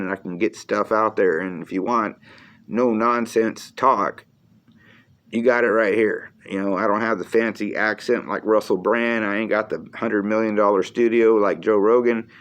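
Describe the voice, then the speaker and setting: A middle-aged American man hosting his own show in a blunt, rambling monologue, often restarting his words. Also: lowish voice. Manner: blunt, plain-spoken, repeats and restarts words. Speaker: host of a solo video show.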